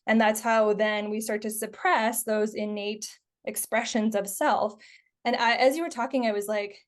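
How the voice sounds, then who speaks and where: A woman's voice: medium pitch, steady tone, moderate pace. A woman in her thirties hosting a podcast, talking casually and filling her speech with "like" and "you know". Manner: chatty, many fillers like "like" and "you know". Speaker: podcast host. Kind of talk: casual conversational podcast chat.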